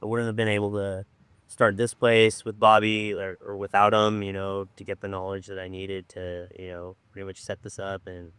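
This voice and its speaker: Casting: man, lower-pitched, casual podcast storyteller, loose and rambling with constant fillers. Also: flat delivery, normal speed, a bit bright, clean tone. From Orange County, California. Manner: rambling, filler-heavy, laid-back. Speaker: treatment program director.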